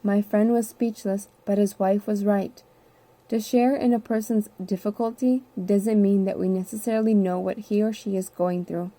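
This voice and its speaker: A woman reading a nonfiction book aloud in a steady, measured, earnest way. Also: medium pitch. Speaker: audiobook reader. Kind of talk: nonfiction audiobook narration.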